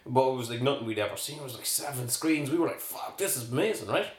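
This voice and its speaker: A man's voice: mid-range voice, fast. A man in his thirties with an Irish accent, telling profane, rambling anecdotes in casual chat as a podcast co-host. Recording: roomy echo.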